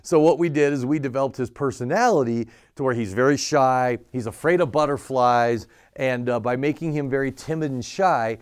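A man's voice: mid-range voice, moderate pace, few pauses, smooth. A man who leads a church puppet ministry, giving a casual hands-on lesson on puppets, chatty and full of fillers. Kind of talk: casual instructional demo.

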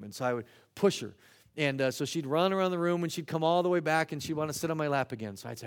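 A middle-aged man, a children's pastor, telling stories from his ministry in a lively talk, getting loud and high at the funny peaks. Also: fast talker, smooth. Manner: animated, swings loud and high at story climaxes.

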